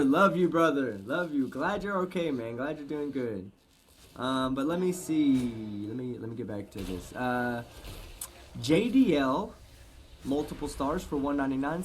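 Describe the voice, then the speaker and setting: Man, livestream host, casual chat, swears a lot, mid pitch, loud bursts. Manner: profane, emphatic, shouts out supporters.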